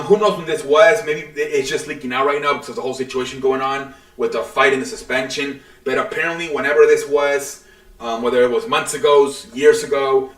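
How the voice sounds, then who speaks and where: A man's voice: medium pitch, fairly bright tone. A man hosting a solo sports podcast, rambling and swearing with many restarts. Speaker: podcast host. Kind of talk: casual solo sports talk. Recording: echoey room, distant from the mic.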